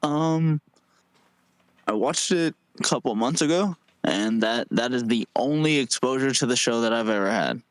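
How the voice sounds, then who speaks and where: A man's voice: mid-range voice, normal speed, no room sound, low-quality recording. A man guesting on a casual podcast, rambling and hesitant, repeating words as he thinks aloud. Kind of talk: casual chat.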